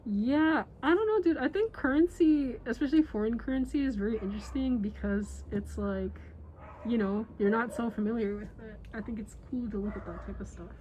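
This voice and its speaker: A woman's voice: a little high, brisk, mellow, highs cut off, slight background noise. A young woman streaming to her chat in a rambling, playful way, full of slang fillers. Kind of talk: casual livestream chat. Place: indoors while traveling.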